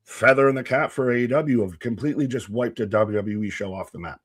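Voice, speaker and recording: A man's voice: medium pitch, fast talker, slightly rough, dry recording, clean studio sound. A man co-hosting a casual live wrestling stream, joking and reading out viewers' names from the chat. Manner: jokey, reads out chat names and shout-outs. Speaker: co-host of a live wrestling watch-along stream.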